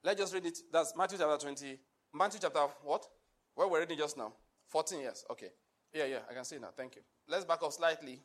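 A man's voice: a little high, a little fast. A man preaching a sermon, emphatic and full of rhetorical questions to the congregation. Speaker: pastor.

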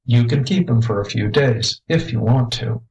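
A man's voice: mid-range voice, moderate pace, vocal fry, a little mellow, lightly acted, low-quality recording. A man reading the part of an easygoing, friendly adult crewman on a space freighter. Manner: easygoing, chuckling. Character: tall spidery friendly male crewman.

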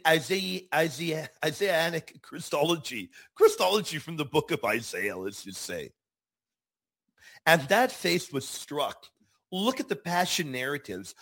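Earnest husky-voiced male show host. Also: fairly high pitch. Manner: earnest, emphatic preaching with repeated words. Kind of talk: Catholic teaching talk show.

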